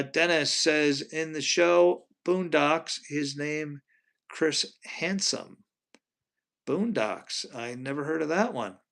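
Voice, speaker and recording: A man's voice: medium pitch, vocal fry, fairly bright tone. A man hosting a casual live stream from home, chatting loosely and reading out viewer comments. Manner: chatty, rambling, asks viewers questions.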